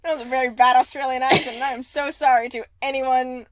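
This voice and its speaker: A woman's voice: sits high, little pitch movement, fast talker, dry recording. A woman co-hosting a casual podcast chat, irreverent and swearing freely with jokey asides. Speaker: podcast co-host.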